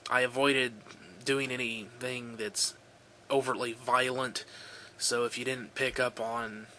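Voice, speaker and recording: A man reading a creepy story aloud in a relaxed, offhand way, correcting his own slips. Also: medium pitch, takes it slowly, slight background noise.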